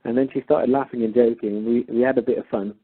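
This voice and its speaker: A man calls in and tells the story of a phone call, acting out both sides as he goes. His voice is husky, and it comes through a thin, tinny phone line. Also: mid-range voice, steady tone, fast. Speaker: caller. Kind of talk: casual storytelling.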